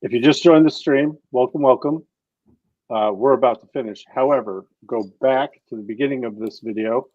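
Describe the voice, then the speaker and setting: A man hosting a casual crypto livestream, excitable and swearing freely as he talks to viewers. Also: medium pitch, normal speed, no echo, lo-fi sound. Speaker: livestream host.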